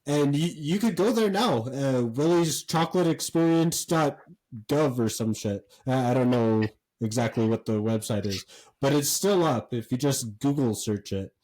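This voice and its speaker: A man co-hosting a podcast, telling a story in a rambling, animated way with lots of fillers and swearing. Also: medium pitch, moderate pace, rough recording. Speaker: podcast co-host. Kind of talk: casual chat.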